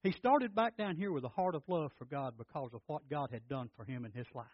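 A man's voice: on the high side, brisk, dry recording, muffled recording. A man preaching a sermon as pastor, telling folksy stories and often repeating his words.

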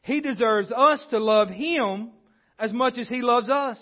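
A man with a high-pitched voice delivers a sermon from the pulpit, speaking conversationally and often stumbling into restarts. The sound is dull and lo-fi, as if captured on modest equipment. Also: measured pace. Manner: conversational preaching with frequent restarts. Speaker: pastor. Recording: dull lo-fi recording.

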